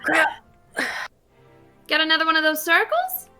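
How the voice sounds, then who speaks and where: Bright, lively woman joking at the table. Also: extremely high pitch, unhurried, faint music behind. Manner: wry, joking. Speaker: player. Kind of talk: in-character banter at a game table.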